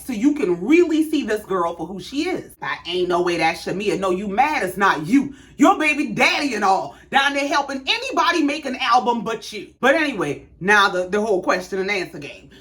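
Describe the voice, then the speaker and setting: A woman's voice: medium pitch, very animated, moderate pace, few pauses, a bit bright. Sassy, blunt woman recapping reality TV. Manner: sassy, blunt, profane storytelling. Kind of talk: casual reality show recap.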